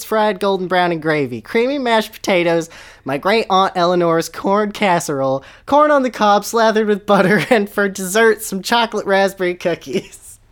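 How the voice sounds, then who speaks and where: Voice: medium pitch, voice pushed up, natural voice. A podcaster voicing a gushing preacher's wife reciting a prayer list of food. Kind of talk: comedic reading aloud.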